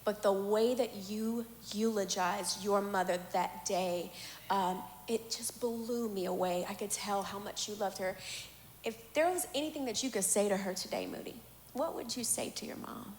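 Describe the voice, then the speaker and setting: A woman's voice: mid-range voice, normal speed, darkish tone, slight background noise. A woman hosting a church panel, giving affirming responses and praising God as she leads the talk. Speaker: panel host. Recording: echoey hall with faint ambience.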